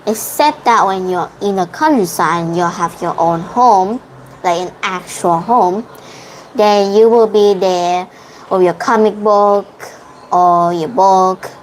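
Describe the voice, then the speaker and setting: A woman's voice: medium pitch, measured pace, slight background noise, poor audio. A young woman, a Vietnamese-speaking English student, practicing a debate in an online lesson, hesitant and often correcting herself. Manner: hesitant, restarts and self-corrections.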